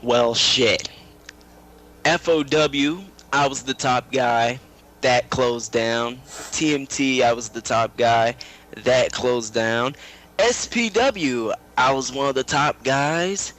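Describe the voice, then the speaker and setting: A man's voice: mid-range voice, slow pace, a bit bright, low-quality recording. A man, a wrestler, answering interview questions in a rueful, joking way. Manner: rueful and joking, laughs at his bad luck. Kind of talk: shoot interview.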